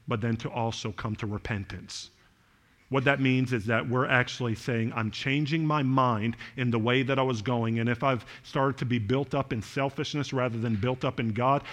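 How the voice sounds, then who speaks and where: A man preaching a sermon to a church congregation, asking them questions and swinging from loud, fervent passages to soft, quiet ones. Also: mid-range voice. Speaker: pastor.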